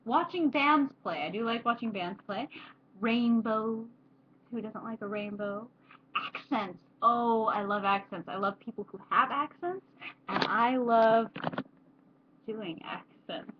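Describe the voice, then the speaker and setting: A woman's voice: fairly high pitch, slow, lo-fi sound, slight background noise. A young adult woman chatting casually to camera in a rambling way, with many fillers. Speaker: vlogger.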